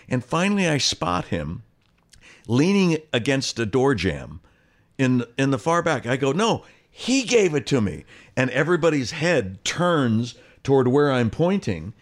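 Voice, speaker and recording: Man telling an animated story. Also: mid-range voice, moderate pace. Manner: animated storyteller, acts out quoted voices. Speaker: actor guest. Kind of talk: conversational anecdote.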